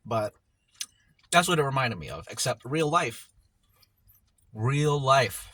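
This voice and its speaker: A man's voice: medium pitch, sing-song, slow, pushed and bright. A man telling a story casually while eating on camera, in a rambling, laid-back way full of slang, often trailing off mid-thought. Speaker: mukbang vlogger.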